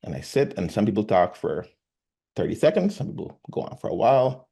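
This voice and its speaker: A man's voice: fairly low pitch, brisk, gravelly, slightly rough. A man coaching on sales, casually talking through a sales call and acting out both sides of it. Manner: animated, acts out sales calls. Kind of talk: casual conversation.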